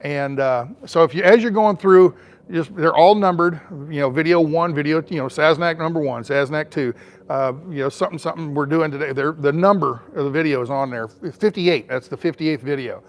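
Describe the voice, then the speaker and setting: An older man with a drawl chats casually outdoors, greeting viewers one by one and wandering off on tangents. His voice sits a touch higher than most men's, and he fills every pause with uhs. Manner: rambling, drawling, lots of uh fillers. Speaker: vlogger reading live chat. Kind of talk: casual live-stream chat.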